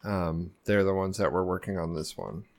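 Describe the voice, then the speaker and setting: Man, lowish voice, casual podcast co-host, laughing and teasing. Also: fairly even intonation, moderate pace, a little mellow. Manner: laughing, teasing, chatty gamer talk. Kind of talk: casual chat.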